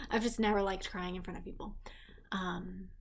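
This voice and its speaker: Chatty young woman rambling quietly. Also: lowish voice, steady tone, moderate pace, creaky, a little hiss or hum. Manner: rambling, chatty, self-deprecating; quiet and hushed at times, while her partner sleeps. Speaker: vlogger. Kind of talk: casual pregnancy update vlog.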